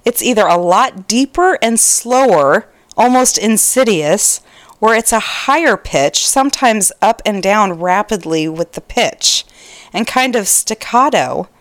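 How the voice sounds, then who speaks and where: A woman's voice: medium pitch, lively intonation, a little slow, no echo. A woman co-hosting a podcast, casually reading out listener stories and laughing between them. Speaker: podcast co-host.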